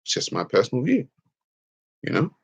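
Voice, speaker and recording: Husky, animated man ranting on a stream. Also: medium pitch, moderate pace. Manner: animated, emphatic, swears freely. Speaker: livestream host answering chat. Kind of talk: livestream Q&A rant.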